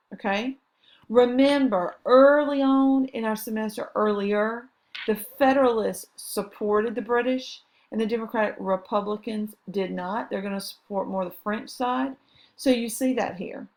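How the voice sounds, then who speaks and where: A woman's voice: medium pitch, creaky. A woman teaching history over slides, chatty and enthusiastic, with asides about the pictures. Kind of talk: recorded classroom lecture over slides.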